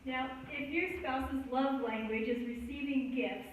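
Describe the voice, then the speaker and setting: Woman sharing a sermon with her husband, high-ish voice, laughs a lot, echoey church from far away. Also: steady tone, measured pace. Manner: light-hearted, laughs easily, hesitant fillers. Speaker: co-preacher. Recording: echoey church hall from a distance, faint noise.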